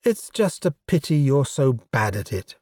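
A man reading a story aloud, voicing a sharp-tongued, teasing female advisor with a sardonic, mocking manner. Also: mid-range voice, very animated, measured pace, dry recording, clean studio sound. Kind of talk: audiobook character voice.

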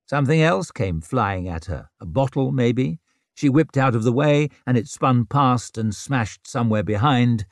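A man's voice: medium pitch, a little mellow, dry recording. A man narrating an audiobook in a dry, wry manner.

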